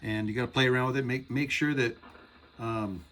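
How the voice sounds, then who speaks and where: A man's voice: mid-range voice, fairly even intonation, a little fast, fairly bright tone. A man casually showing off a homemade cigar box guitar, chatty and rambling, often restarting his sentences. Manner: chatty, rambling, self-correcting. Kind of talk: casual workshop demonstration. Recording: guitar music playing behind.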